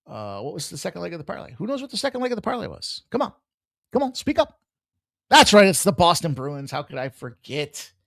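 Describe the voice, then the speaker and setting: A gravelly-voiced man hosts a live sports betting show, his pitch leaping up and down as he gets excited. He talks brash and profane, joking as he runs through his picks. The sound is dry and close, with no room echo. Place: room with a hockey banner on the wall.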